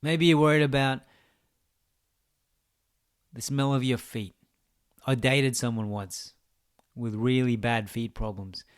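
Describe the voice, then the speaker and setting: A man's voice: mid-range voice, steady tone, takes it slowly, pauses often, clear, resonant tone. A man with an Australian accent, a gaming video creator giving a rambling, mock-philosophical monologue that teases the viewer.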